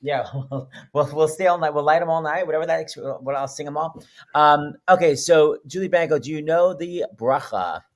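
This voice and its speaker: A man hosting a casual live stream, joking and bantering excitedly with his guests. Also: a little high, normal speed. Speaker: host. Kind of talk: casual livestream chat.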